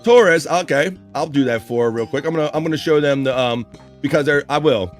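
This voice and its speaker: A man hosting a casual live stream, loud and joking, laughing often with crude banter. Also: a little high, a little fast, soft background music. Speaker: host.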